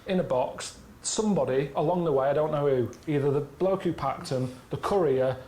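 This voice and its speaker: Deadpan grumbling man. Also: a little high, normal speed, roomy sound, slight background noise. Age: 30s. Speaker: guest on a comedy commentary. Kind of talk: casual comedy chat.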